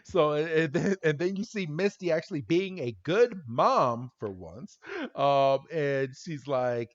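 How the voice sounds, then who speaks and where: A fairly high-voiced man co-hosting a casual podcast, walking through an episode with lively energy. He pops into higher voices when he quotes the characters. The audio is dull and lo-fi. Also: measured pace. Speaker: podcast co-host. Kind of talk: casual recap chat.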